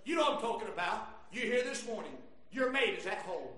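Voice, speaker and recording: A man preaching a sermon as pastor, swinging from quiet, confiding lines to passionate shouts. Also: high-pitched, lively intonation, a little fast, few pauses, reverberant. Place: church sanctuary.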